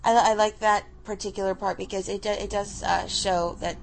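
A woman's voice: medium pitch, fairly even intonation, normal speed, vocal fry, poor audio. A woman in her thirties giving casual live commentary as a director, chatty and rambling, often laughing and losing her train of thought. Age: 30s.

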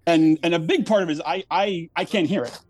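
A man from Philadelphia with a faint, mostly suppressed Philly accent, chatting casually on a panel and restarting his sentences often. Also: on the high side. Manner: halting, many restarts.

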